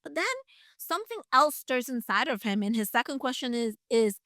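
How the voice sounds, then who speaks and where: Woman Bible teacher, relaxed storytelling with playful asides, a fairly high voice, dry close sound. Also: normal speed, no room sound. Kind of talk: casual Bible story retelling.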